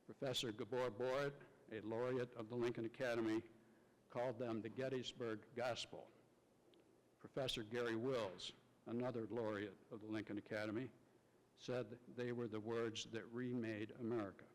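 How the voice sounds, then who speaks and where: Man, mid-pitched, stately formal speaker; hall reverb. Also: little pitch movement. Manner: measured and stately. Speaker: ceremony speaker. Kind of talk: formal ceremonial narration. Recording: large hall with long reverb.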